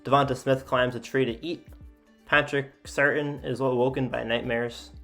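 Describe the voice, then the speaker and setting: A man's voice: medium pitch, flat delivery, moderate pace, creaky, fairly bright tone, soft background music. Casual man reading out game events. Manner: reads events aloud with frequent "uh" fillers and asides. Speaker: sports YouTuber. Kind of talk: casual commentary reading out a simulation.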